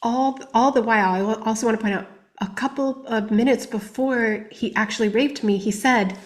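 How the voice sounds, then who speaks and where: A woman giving candid personal testimony as a guest on a podcast interview, reflective and often speaking quietly. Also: fairly high pitch, moderate pace.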